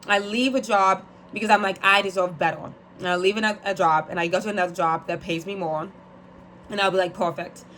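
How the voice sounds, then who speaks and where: A woman's voice: medium pitch, steady tone, fairly quick, fairly bright tone, a little hiss or hum. A woman in her twenties talking candidly and rambling a little, swearing casually as she chats to her viewers like a friend on the phone. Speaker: vlogger. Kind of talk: casual chat to camera, as if on the phone.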